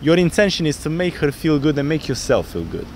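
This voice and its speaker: A man with a fairly high voice coaches outdoors on a city street. He explains his approach with energy and slips into acted snippets of his pickup lines. Faint traffic hums behind him. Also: a little fast. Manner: animated, acts out pickup lines in different voices. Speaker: dating coach.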